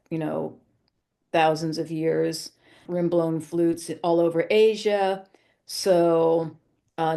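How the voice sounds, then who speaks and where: A woman with a lowish, mellow voice talks as a guest on a podcast. She explains things patiently and informatively, pausing now and then with an um. Her tone is relaxed and conversational. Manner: informative, explanatory, frequent ums. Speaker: flutist guest.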